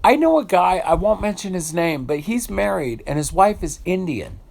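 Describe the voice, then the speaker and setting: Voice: medium pitch, very animated, normal speed, creaky, a little mellow. Emotional unscripted rant, vlogger, from the United States, indignant, swears freely, restarts sentences. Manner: indignant, swears freely, repeats phrases while searching for words.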